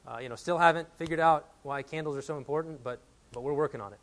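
A Texan pastor in his thirties preaches with a fairly high, slightly bright voice at a fast pace. He starts with an easygoing personal story, then builds to urgent, emphatic points.

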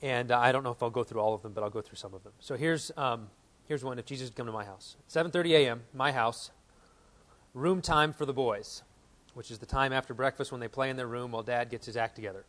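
A man in his thirties preaching a sermon, earnest and animated, reading quotes aloud and telling stories from home. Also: mid-range voice, quick pace. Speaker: pastor.

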